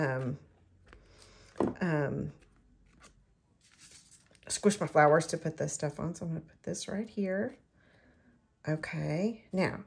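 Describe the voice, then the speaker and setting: A middle-aged woman, chatting to herself and the viewer in an excitable way while she shows how to make a card. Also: medium pitch. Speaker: card-making demonstrator. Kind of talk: casual crafting tutorial.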